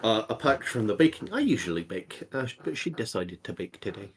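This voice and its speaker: A man's voice: lowish voice, very animated, fairly quick. A man voicing a short, polite male dwarf baker who runs a stall, with a hesitant, stammering shopkeeper's manner. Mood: friendly salesy.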